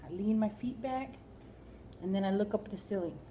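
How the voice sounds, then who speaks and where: A woman's voice: mid-range voice, a little fast, warm tone, slight background noise. A woman telling a comic story in a rambling way, full of fillers and "like". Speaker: comedian.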